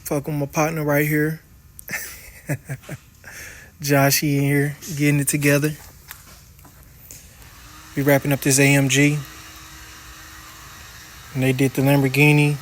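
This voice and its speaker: Young male vlogger, fairly high voice, relaxed slang, phone mic in a workshop. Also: a little slow, pauses often. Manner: laid-back slangy, tags lines with "man". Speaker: vlogger, car wrap contractor. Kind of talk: casual vlog commentary. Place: indoor car wrap shop.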